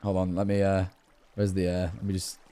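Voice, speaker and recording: A man's voice: low-pitched, monotone, fairly quick, dark tone, clear, resonant tone. A young man hosting a live stream, chatting in a laid-back way and muttering through numbers as he reads donations. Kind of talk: casual live-stream chat.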